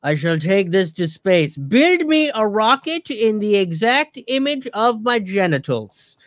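A bored, pompous billionaire, as a man puts him on, with a slow, lofty drawl pitched a bit high. The voice is dry and close. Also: big pitch swings, no echo.

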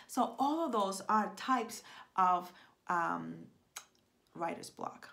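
A woman talking straight to camera as a writing coach, excitable and emphatic, repeating lines for effect and gesturing with her hands. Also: medium pitch, slow pace, gravelly, pauses often. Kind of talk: animated direct-to-camera pitch.

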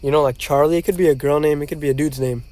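A man's voice: on the high side, fairly even intonation, very fast, darkish tone. Slangy young man joking around. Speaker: podcast co-host. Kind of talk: casual chat.

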